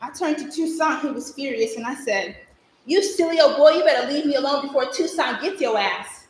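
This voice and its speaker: Spirited girl telling her story on stage, a young woman acting it, fairly high voice, echoey live room, faint hum. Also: fairly quick, close to an everyday voice. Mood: storytelling. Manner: vivid, rhythmic storytelling with shifting emphasis. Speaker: stage actor. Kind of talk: theatrical monologue. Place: theater stage.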